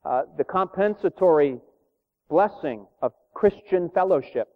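A man preaching a sermon in an earnest, reverent, measured way, pausing often with "uh". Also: on the high side, expressive. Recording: tinny phone-like sound in a reverberant hall.

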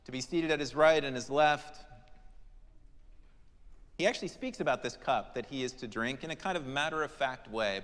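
A man delivers a sermon in a church, his fairly high voice rising into emphatic declarations and then dropping to hushed, prayerful lines. His words carry a long reverb through the large sanctuary. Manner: dramatic, swinging between loud emphasis and hushed prayerful tones. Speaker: preacher.

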